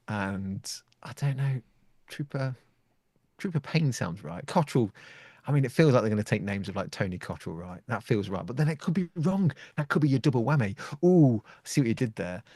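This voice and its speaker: A man competes in a relaxed online quiz, talking his guesses through out loud. His voice rises and falls a lot, and he doubts himself and laughs between answers. The sound is dry and close. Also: on the low side, moderate pace, dry recording. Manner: self-doubting, thinks aloud, laughs often. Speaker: quiz contestant. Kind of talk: casual quiz banter.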